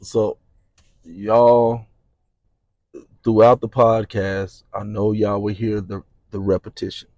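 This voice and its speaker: A man hosting a podcast interview, relaxed and encouraging, with a drawling delivery. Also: fairly low pitch, slow, pauses often, no room sound, dull audio. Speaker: podcast host. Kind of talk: casual interview.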